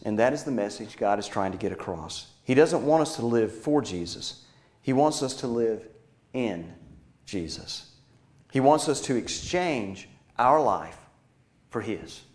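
An earnest male preacher delivering a sermon to his congregation. He pushes some lines with force and lets others sink to a hushed, intimate murmur. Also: mid-range voice. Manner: earnest, swings from emphatic to hushed.

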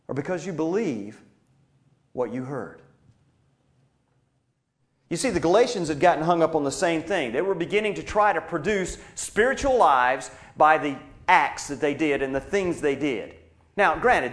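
A man preaching a sermon, earnest, moving between emphatic points and quiet, hushed lines. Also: a little high.

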